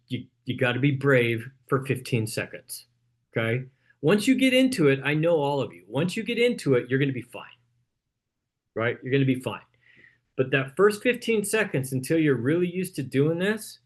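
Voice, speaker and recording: A man leading a real estate team training, coaching in a punchy way and often checking in with "okay?". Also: mid-range voice. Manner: coaching, punchy, repeats "okay?" after points.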